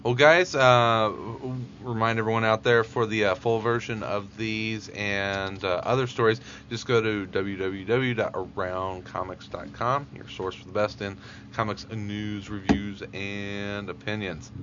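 A man's voice: fairly low pitch, fairly even intonation, unhurried, a bit bright. A man hosting a podcast, chatting casually and teasing his co-hosts. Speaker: podcast host. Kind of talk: casual chat with a scripted plug. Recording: dull lo-fi audio with faint hum.

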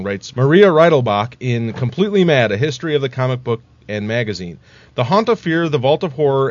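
A man's voice: medium pitch, dull audio. A man co-hosting a podcast, reading a scripted history aloud in a casual way and laughing at his own slips.

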